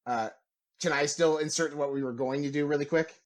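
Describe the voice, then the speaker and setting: A man playing a tabletop game, eager and quick to laugh. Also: fairly high pitch, steady tone. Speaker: player.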